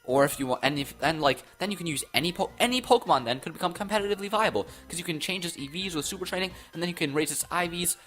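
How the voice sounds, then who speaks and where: A young man casually commenting on game news, rambling and excitable, often restarting his sentences into his own microphone. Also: fairly high pitch, racing, few pauses. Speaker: gaming YouTuber. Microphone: own desk microphone.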